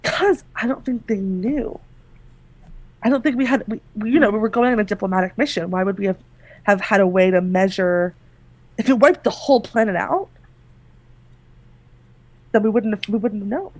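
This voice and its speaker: A woman running and playing in a tabletop game, explaining things in a relaxed way. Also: medium pitch, moderate pace, pauses often, dry recording. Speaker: game master.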